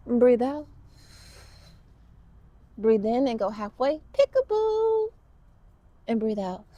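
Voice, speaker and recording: A woman's voice: a little high, warm tone, no room sound. A woman guiding a kids yoga class, upbeat and encouraging with playful cues.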